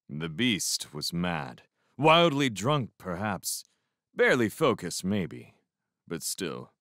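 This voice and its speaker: Casting: deep-ish male fan audiobook narrator, slow and lively, dry close sound. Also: no room sound. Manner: slow, expressive first-person narration. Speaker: audiobook reader.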